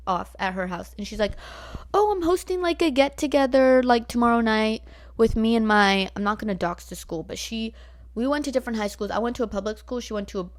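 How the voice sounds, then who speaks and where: A nineteen-year-old woman from Northern California, ranting bluntly at home into her laptop mic, swearing freely and filling her talk with likes and rights. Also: mid-range voice. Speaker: vlogger. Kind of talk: casual ranting storytime. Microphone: laptop built-in mic.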